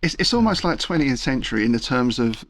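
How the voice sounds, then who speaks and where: A man's voice: mid-range voice, a little fast, background noise. A man narrating and describing scenes as game master in a tabletop role-playing session. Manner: relaxed, storytelling with asides.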